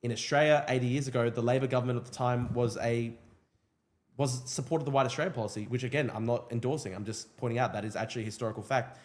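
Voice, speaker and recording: A man hosting a livestream and commenting quickly and chattily on a speech at a rally. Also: medium pitch, fairly even intonation, darkish tone. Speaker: livestream host. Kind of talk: live commentary. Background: crowd.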